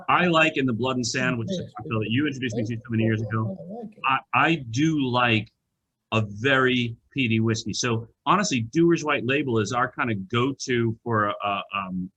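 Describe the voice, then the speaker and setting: A man with a bright, forceful voice hosts a casual tasting over a video call. He talks in an animated rush, restarting his sentences as he goes. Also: medium pitch, low-quality recording. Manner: animated, self-interrupting, lots of restarts. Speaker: wine shop co-host.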